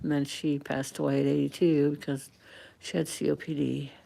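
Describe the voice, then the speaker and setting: An older woman in her sixties hosts a casual livestream and chats to her viewers. Her low voice has a heavy gravelly fry, and she rambles along with plenty of fillers and restarts. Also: level tone, moderate pace, warm tone. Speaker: livestream host.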